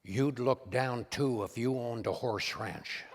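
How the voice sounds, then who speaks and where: A man doing an impression of a folksy older statesman who opens with a breathy, hesitant "well" before he speaks. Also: mid-range voice, takes it slowly, a little hiss or hum. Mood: wry. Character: folksy older male statesman, wry and soft-spoken.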